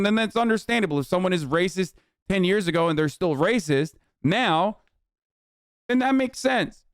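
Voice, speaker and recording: A man's voice: high-pitched, dry recording. A man streaming reaction commentary, ranting in a heated, profane and sarcastic way into a close mic. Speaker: live streamer.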